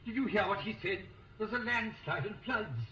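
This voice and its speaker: An actor with a Mid-Atlantic accent playing a fussy, nervous gentleman of a gloomy old house in a 1930s film, speaking in a prim, precise, faintly sneering way. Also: sits high, moderate pace, muffled recording. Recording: roomy old film soundtrack with faint hiss.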